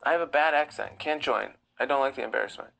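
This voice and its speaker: Man, livestream host, gravelly, bright tone, blunt, reads chat aloud. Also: mid-range voice, fast, low-quality recording. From United States. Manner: blunt, argumentative with commenters. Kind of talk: casual live-stream chat, reading comments.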